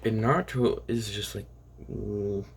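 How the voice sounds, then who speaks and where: Young man, low voice, casual rambling story narration, halting, faint background hiss. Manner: rambling, halting, many fillers and restarts.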